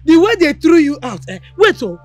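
A woman's voice: high-pitched, very animated, fairly quick, a little mellow, soft background music. An actress with a Nigerian accent playing an older mother who scolds and mocks her son, laughing between taunts. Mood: gloating. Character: mocking scolding Nigerian mother, loud and gloating.

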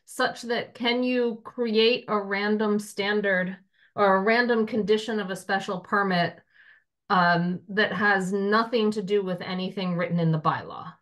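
A woman's voice: medium pitch, fairly bright tone. Woman councilor thinking aloud. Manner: thinking aloud, halting restarts. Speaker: town councilor. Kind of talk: public meeting question.

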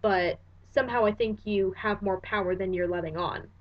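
A woman's voice: mid-range voice, moderate pace. Woman reciting and explaining verse, lo-fi. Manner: slangy, conversational asides between recited verses. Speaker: poetry explainer. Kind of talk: casual explanation with dramatic poem recitation.

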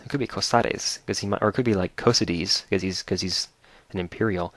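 Excitable man playing a video game. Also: on the low side, fast talker, no room sound. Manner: excitable, gushing, joking. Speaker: let's play host. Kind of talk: casual gameplay commentary.

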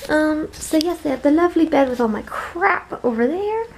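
A woman's voice: sits high, expressive, normal speed, vocal fry, a little hiss or hum. A tired young woman chatting casually as she vlogs a tour of a small hotel room, with self-deprecating asides. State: tired and yawning. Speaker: vlogger.

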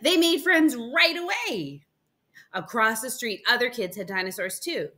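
A woman reads a picture book aloud to children, her voice lively and leaping up and down in pitch. Her tone is bright and clear. She reads with playful storytime energy. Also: a little slow. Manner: animated and expressive, with gasps and playful asides.

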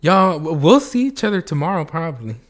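A man making a reaction video at home, talking straight to his viewers and breaking into loud exclamations and cheers. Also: on the high side, very animated, fairly quick. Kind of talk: excited reaction commentary. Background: faint music playing.

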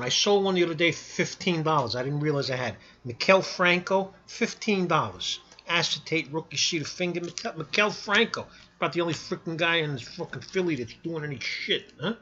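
A man giving a blunt, pushy casual sales pitch to camera while selling sports cards. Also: lively intonation, normal speed, pushed and bright, dull audio. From New York. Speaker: sports card seller.

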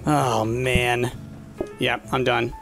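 A man's voice: medium pitch, little pitch movement, very slow, creaky, a bit bright, faint music behind. A man, hosting his own channel and giving frantic, exasperated solo commentary over a cooking game. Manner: frantic, exasperated, says "y'all". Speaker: gaming channel host.

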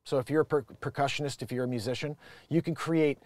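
A man's voice: medium pitch, fast talker, no echo. A man hosting a live-stream show, talking casually and animatedly with many restarts. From Connecticut, USA. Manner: animated, rambling, frequent restarts. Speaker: livestream show host.

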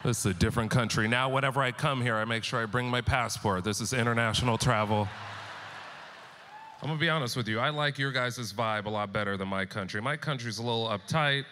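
Male stand-up comic from San Diego, punchy and animated, bright voice, recorded live on a stage with long reverb and faint noise. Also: medium pitch, brisk. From San Diego, California. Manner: animated, punchy storytelling with acted-out quotes. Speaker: stand-up comedian. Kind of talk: stand-up comedy set. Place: stage at a live comedy show.

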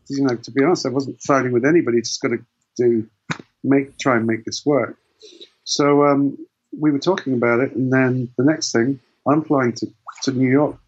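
Husky guy rambling thru a gig story, lots of "you know", kinda dull lo-fi sound. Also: mid-range voice, a little mellow. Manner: rambling anecdotes, many restarts and "you know". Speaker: guitarist and producer guest. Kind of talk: casual storytelling interview.

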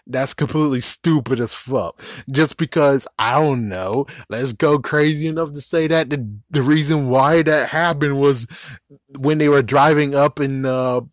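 A man's voice: fairly high pitch, moderate pace, dry recording. Rambling man with a dry close sound. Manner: rambling, laughs often, swears, acts out scenes. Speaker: vlogger. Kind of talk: casual rambling monologue.

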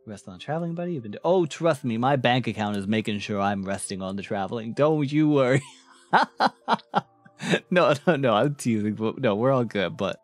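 On a live stream, a man chats casually, playful and quick to laugh, his expressive voice shifting from bright to low. Faint music plays behind him.

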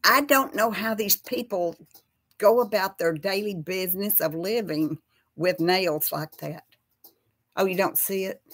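A middle-aged woman with a Texas accent hosts a relaxed live chat. She rambles in a homey, friendly way and keeps turning to her viewers with y'all. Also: mid-range voice, unhurried. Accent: Texan.

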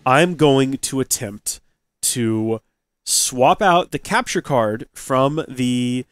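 A man's voice: medium pitch, no room sound. A man hosting a let's play, telling a rambling story from his recording desk at home. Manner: chatty, rambling, rising excitement in anecdotes. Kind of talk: casual storytelling to viewers.

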